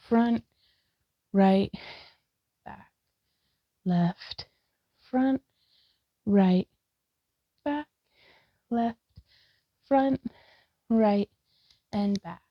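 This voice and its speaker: A woman leading a yoga class, calling out slow, calm cues and directions. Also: medium pitch, no echo, muffled recording. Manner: slow, calm cueing with soft laughs. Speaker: yoga instructor.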